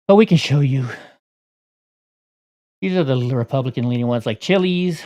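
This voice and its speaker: A man's voice: on the high side, moderate pace, long pauses, a little mellow, lo-fi sound. A man hosting a casual commentary vlog, sarcastic and grumbling, out of breath from walking. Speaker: vlogger.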